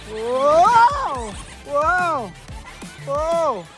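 A woman's voice: a little high, expressive, slow, pauses often. A woman playing with a toy monster truck for her child's video, sing-song and full of exaggerated exclamations. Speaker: parent filming a toy video. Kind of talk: playful toy play with a child. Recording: loud background music.

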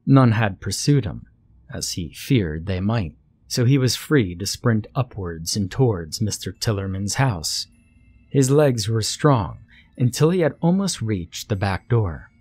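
A man narrating a scary story in a slow, measured storytelling manner. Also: fairly low pitch, sing-song, darkish tone, husky, no echo. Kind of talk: scripted horror narration.

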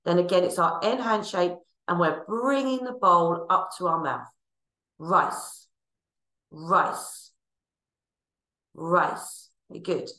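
A woman's voice: lowish voice, lively intonation, moderate pace, hardly any pauses, fairly bright tone. Encouraging Irish woman teacher, echoey room. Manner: encouraging, instructive. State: out of breath during exercise. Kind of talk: wellbeing class with sign language and exercises. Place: school room. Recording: echoey room, mic at a distance.

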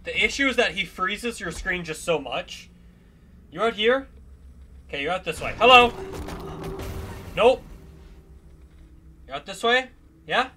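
A young gaming YouTuber gives jumpy, exclamatory live commentary over a horror game, often speaking straight to the monsters. His voice is high and sharp with lively intonation, a bit slow with frequent pauses, and there's a little hiss or hum.

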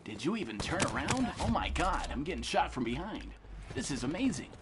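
A young man streaming a shooter game, cursing and trash-talking with friends in excited, loud outbursts. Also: on the high side, brisk, noisy background. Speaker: gaming streamer. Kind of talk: live gameplay commentary with friends.

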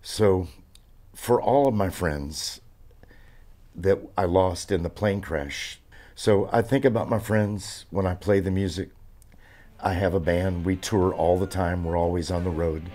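A man's voice: low voice, measured pace, dark tone. A man in his seventies talking in an interview, rambling with many fillers and restarts. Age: 70s. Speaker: drummer.

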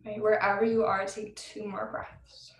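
A woman teaching a vinyasa yoga class over a video call from home, giving calm, encouraging cues with soft laughs. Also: mid-range voice, measured pace. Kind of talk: guided vinyasa class instruction. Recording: roomy video call audio, faint ambience.

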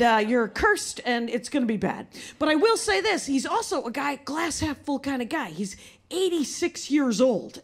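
A middle-aged American woman performing a stand-up routine, telling stories in a dry way and quoting others quickly. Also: a little high. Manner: dry storytelling, quick quoted asides. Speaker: stand-up comedian. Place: live comedy show with audience. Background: audience laughter.

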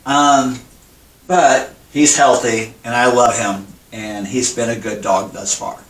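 A man's voice: medium pitch, fairly even intonation, takes it slowly. A man hosts a casual cooking vlog, talking in a candid, rambling way. He sounds some distance from the microphone. The room around him is echoey. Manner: candid, rambling, emotional about his struggles. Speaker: cooking vlogger. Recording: roomy sound from a distant mic.

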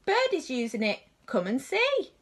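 A woman's voice: sits high, wildly swooping pitch, unhurried, fairly bright tone, slight background noise, full character voice. A woman voicing a helpful, thoughtful monkey in a friendly storybook tone.

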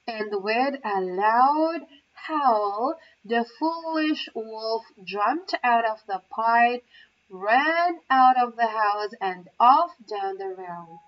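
A woman training as an English teacher, reading a children's story aloud carefully, with small asides. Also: on the high side. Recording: muffled, from far off the mic.

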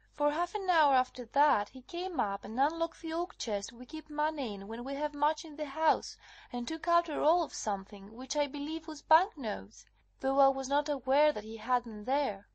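A woman voices a frightened young wife, out of breath and pleading for help in an audiobook drama. Her voice sits high and bright, and the recording is close and dry with no room sound. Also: normal speed, dry recording. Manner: breathless, urgent.

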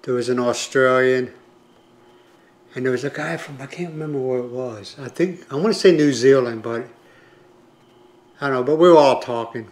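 An older American man tells a long, rambling story to his vlog audience, full of asides and conversational detours. His voice is medium-pitched and darkish in tone, with a moderate pace and long pauses. It's casual storytelling delivered straight to camera.

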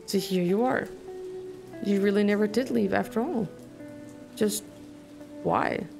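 A woman's voice: mid-range voice, measured pace, vocal fry, over music. A woman voicing a restless young woman who is hurt and angry, reading game dialogue aloud. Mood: grieving.

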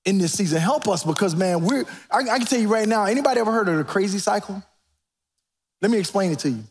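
A man preaching a sermon as pastor in a church, animated and preacherly, rising to near-shouts. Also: sits high, fast talker. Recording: reverberant church sanctuary.

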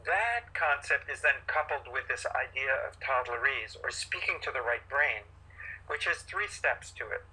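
A man, a paediatrician guest in an interview, explaining parenting advice in an animated way and acting out parents and children as he goes. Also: medium pitch, normal speed, breathy edge, low-quality recording.

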